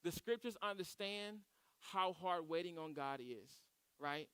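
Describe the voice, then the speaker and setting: A man's voice: high voice, unhurried, fairly bright tone, clear, resonant tone, dry recording. A man preaching a sermon in a church service, impassioned and rising to pleading prayer. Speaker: pastor. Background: live band playing.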